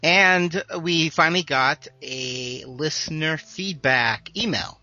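Easygoing podcast host guy, bright voice, laughs a lot, kinda dull dry sound. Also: fairly high pitch, slow pace, no echo. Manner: easygoing, laughs often, light hesitations. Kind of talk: casual podcast chat. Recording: slightly dull, dry sound, faint music.

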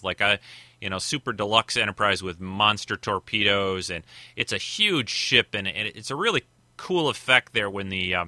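A man's voice: on the low side, bright, forceful tone, no room sound. A man hosting a casual film commentary, thinking aloud and rambling with many restarts. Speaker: host.

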